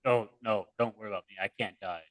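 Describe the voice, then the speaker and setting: A man's voice: lowish voice, fairly even intonation, fast, a bit bright, dry recording, poor audio. A man playing a tabletop game, joking around in character. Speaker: player.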